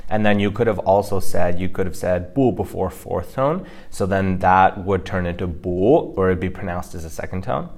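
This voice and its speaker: A young man co-hosting a podcast lesson, explaining at length in a quick, chatty way with fillers. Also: low voice, darkish tone. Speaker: podcast co-host teaching Mandarin.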